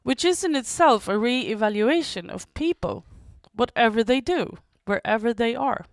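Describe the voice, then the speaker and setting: Woman delivering a measured prepared speech. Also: on the high side, animated, no room sound. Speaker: speaker and event moderator.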